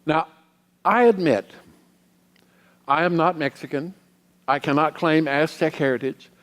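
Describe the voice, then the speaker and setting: A middle-aged man giving a sermon as a guest minister. He tells personal stories in a reflective way, with pauses. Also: on the high side, a bit bright. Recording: long hall reverb.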